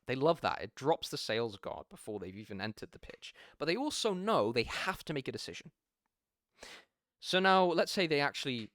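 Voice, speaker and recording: Animated man coaching sales, dry sound. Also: mid-range voice, no room sound. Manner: animated, acts out sales calls, swears casually. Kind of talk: casual tutorial talk.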